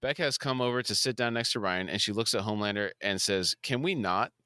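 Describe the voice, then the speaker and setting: Crisp-voiced man recapping an episode. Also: lowish voice, fast, dry recording, studio quality. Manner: steady, plain recounting of plot. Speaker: podcast co-host.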